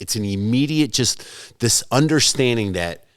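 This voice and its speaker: Deep-voiced, swearing man telling stories. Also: animated, fairly quick, dry recording, studio quality. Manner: profane, storytelling, acts out both sides of conversations. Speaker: podcast guest. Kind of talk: casual podcast chat.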